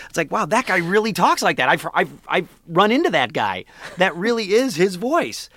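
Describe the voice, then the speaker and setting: A man's voice: sits high, sing-song, fairly quick, fairly bright tone, dry recording. A man, a voice actor, chatting in a radio interview in a self-deprecating way with fillers and laughs. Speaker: voice actor guest.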